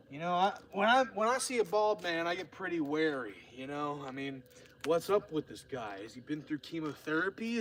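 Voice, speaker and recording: A man's voice: on the high side, slight background noise. A tipsy man streaming live outdoors by a campfire, talking in a rambling, profane, casual way. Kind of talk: casual livestream chat.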